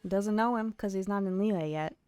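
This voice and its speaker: A woman's voice: mid-range voice, moderate pace, a little mellow, clean tone, no room sound. Chatty young woman streamer. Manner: chatty, giggly, storytelling. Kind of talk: casual chat while gaming on stream.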